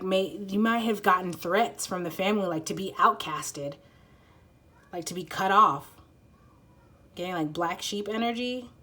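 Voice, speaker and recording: A woman's voice: medium pitch, fairly bright tone. A woman giving a casual tarot reading, rambling with lots of "like", cutting herself off, swearing freely and apologizing often. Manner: rambling, lots of "like", self-interrupting. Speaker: tarot card reader.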